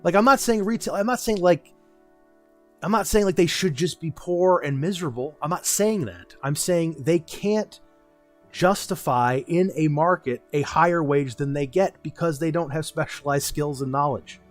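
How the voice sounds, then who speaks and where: Young male streamer, casual and blunt, ranting and swearing, slightly high pitch, soft music behind. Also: moderate pace. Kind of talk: casual livestream chat.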